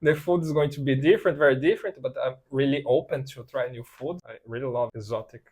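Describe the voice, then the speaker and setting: A Brazilian man with a Brazilian Portuguese accent, speaking English in a relaxed chat as interviewee, often laughing and pausing on fillers. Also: a little high, breathy edge. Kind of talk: casual chat.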